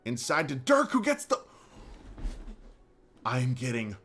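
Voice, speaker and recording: A young man giving casual commentary over a basketball video game, moving between calm play-by-play and profane rants. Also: mid-range voice, slow. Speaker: gaming YouTuber.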